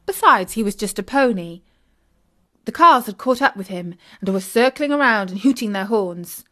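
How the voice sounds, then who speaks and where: Woman, storyteller, children's audiobook narration, clear, expressive. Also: mid-range voice, normal speed.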